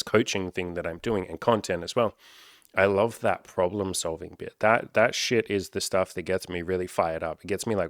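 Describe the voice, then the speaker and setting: A man's voice: low voice, no room sound, clean studio sound. A man working as a life coach, talking straight to camera in a casual, candid monologue, swearing freely and acting out the people he quotes. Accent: Australian. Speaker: life coach and content creator.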